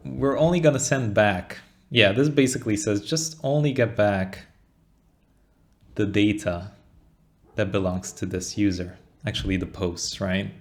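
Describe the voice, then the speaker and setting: A young man explaining code in a casual walkthrough, thinking aloud and often checking in with "right?". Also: fairly low pitch. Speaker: coding tutorial instructor. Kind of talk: casual screen-share coding walkthrough.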